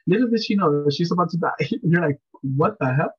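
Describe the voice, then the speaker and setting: A man's voice: high voice, fast, muffled recording, crowd noise. A man chatting casually about a film, rambling with restarts and a sympathetic tone.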